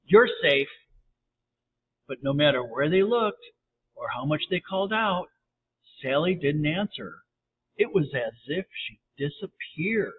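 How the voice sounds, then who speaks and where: Man narrator for a bedtime story, high voice, gentle and lively, tinny sound. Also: a little slow. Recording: tinny phone-like audio, faint hiss.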